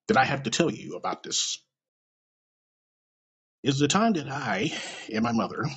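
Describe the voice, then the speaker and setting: A man's voice: medium pitch, creaky, fairly bright tone, husky. A man in his thirties telling a casual personal anecdote, swearing freely and laughing often, with a dull lo-fi sound. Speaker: storyteller.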